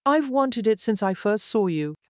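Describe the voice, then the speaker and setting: A woman voicing an intense, arrogant young gentleman in an audiobook, speaking in an urgent, insistent way. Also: mid-range voice, animated, moderate pace, dry recording, studio quality, pitched above the performer's own voice, lightly acted.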